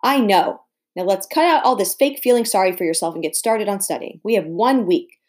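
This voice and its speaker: A firm, upbeat adult tutor from a novel, played brisk and bossy, with a raised, lifted voice as a woman reads her part aloud. She coaches hard but kindly. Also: medium pitch, darkish tone, natural voice.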